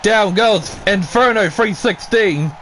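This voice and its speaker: A man casually giving play-by-play commentary on a wrestling video game, excitable, swearing and cheering on the wrestlers, while fighting off the hiccups. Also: high voice, slow, a little hiss or hum. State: has the hiccups. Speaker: gameplay commentator.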